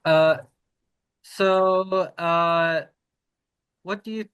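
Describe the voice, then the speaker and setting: A man with a smooth, slightly high voice asks interview questions. He speaks very slowly, stopping to search for his words as he goes. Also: steady tone, a bit bright. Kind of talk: casual conversation.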